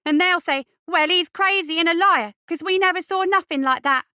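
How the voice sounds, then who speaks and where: A woman voicing a scrawny little street urchin boy who mocks and scorns in rough slang. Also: very high voice, normal speed, bright, forceful tone, no room sound, studio quality, voice pushed up. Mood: mocking. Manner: mocking, contemptuous, drawling slang.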